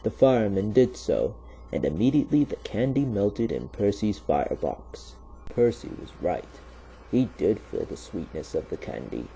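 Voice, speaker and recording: A man narrating a children's story aloud in a steady, plain reading manner. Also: lowish voice, moderate pace, gravelly, slight background noise, low-quality recording.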